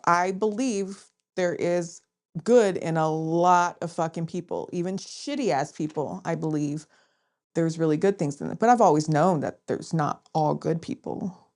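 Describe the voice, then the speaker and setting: A woman's voice: on the low side, measured pace, darkish tone. A woman co-hosting a casual podcast, telling stories with lots of swearing and laughter. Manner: profane, laughing storyteller. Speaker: podcast co-host.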